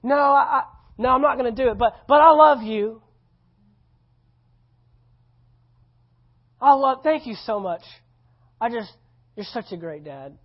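Man voicing a pleading little boy, higher pitch, whiny, stammering, dull lo-fi sound. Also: normal speed. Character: pleading little boy, son avoiding chores. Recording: slightly dull lo-fi recording.

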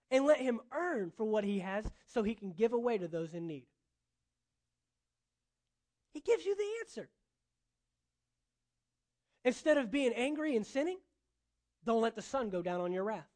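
Male pastor, high voice, preaching with punchy repetition. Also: darkish tone. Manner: emphatic, repeating phrases for effect. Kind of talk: sermon.

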